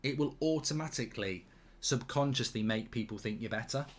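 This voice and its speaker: A man's voice: medium pitch, a little fast, slight background noise. A man giving casual, jokey live football commentary and reading out viewer comments.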